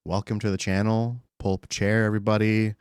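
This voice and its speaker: A man streaming live, chatting casually and excitably with his chat, swearing often and greeting viewers by name. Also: lowish voice, brisk, clean tone, dry recording, studio quality.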